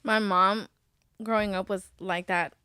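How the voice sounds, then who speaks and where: A woman's voice: medium pitch, fairly even intonation, measured pace, bright, forceful tone, clean tone, dry recording. A woman chatting casually as a podcast co-host, telling childhood stories and laughing into her lines. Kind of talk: casual chat.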